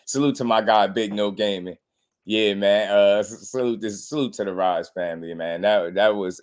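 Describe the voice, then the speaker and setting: A young man hosting a casual boxing livestream, animated and slangy, laughing often and mimicking people. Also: fairly low pitch, normal speed. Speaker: boxing commentary host.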